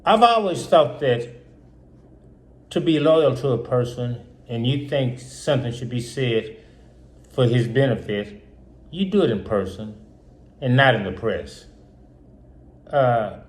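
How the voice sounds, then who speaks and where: Upset man in a political monologue. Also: mid-range voice. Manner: repetitive, rhetorical questions, emotional. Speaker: host.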